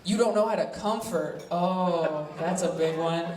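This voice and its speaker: A woman's voice: fairly low pitch, very noisy. Sarcastic woman doing stand-up. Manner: quick, sarcastic, laughing asides. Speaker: stand-up comedian. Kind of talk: stand-up comedy with crowd work. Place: large theater with audience. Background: audience laughter.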